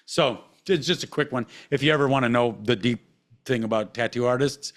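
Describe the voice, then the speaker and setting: Profane, heated man ranting. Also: a little fast. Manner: heated, swearing constantly, swings between low mutters and loud outbursts. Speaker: podcast host.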